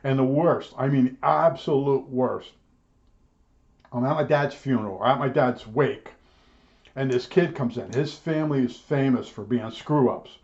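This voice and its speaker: An older man rambles through stories in a blunt, grumbling tone, often stopping to restart his sentences. His voice sits at an ordinary male pitch. The home video audio sounds dull and lo-fi. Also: unhurried, a little mellow. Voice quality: blunt, grumbling, repeats himself with frequent restarts. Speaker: electronics repairman vlogger. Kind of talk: rambling storytelling rant.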